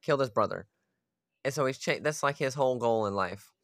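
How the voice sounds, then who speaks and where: A man's voice: mid-range voice, fairly quick, fairly bright tone, no room sound, studio quality. A man ranting casually about a video game story, profane and exasperated. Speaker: gaming video host. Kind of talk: casual rant.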